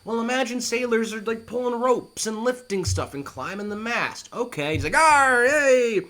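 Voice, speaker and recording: A man teaching a play line by line, animated and reassuring, who breaks into acted quotes as he explains. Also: high-pitched, normal speed. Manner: talks straight to the student, reassuring.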